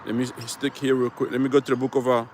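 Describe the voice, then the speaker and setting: A man's voice: medium pitch, flat delivery, fast talker, darkish tone, slight background noise. Rambling, profane street preacher man. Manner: rambling, profane, emphatic, many fillers. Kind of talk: live-streamed scripture preaching.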